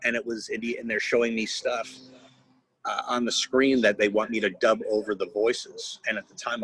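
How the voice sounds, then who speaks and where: A man in his fifties, a guest voice actor, tells rambling stories over a video call, often restarting and laughing along the way. His voice is lowish, husky, and fairly bright, and the recording is rough. It's a casual, anecdotal interview.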